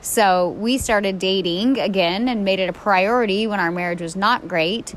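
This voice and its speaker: A woman in her thirties co-hosting a podcast, telling a story in a chatty, animated way full of "like". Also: medium pitch, moderate pace, a little hiss or hum. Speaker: podcast co-host. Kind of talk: casual storytelling chat.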